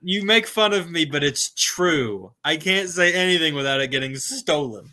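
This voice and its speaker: A man running his own live stream, talking casually with friends over a call. His voice sits a bit high and moves around a lot. He jokes in a loose, laid-back way. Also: lively intonation, normal speed, bright, forceful tone. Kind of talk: casual chat.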